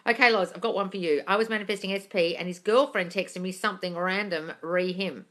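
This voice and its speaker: A woman's voice: on the low side, brisk, fairly bright tone. A woman, hosting a casual live stream and answering viewer questions, calling them darling and gushing over their news.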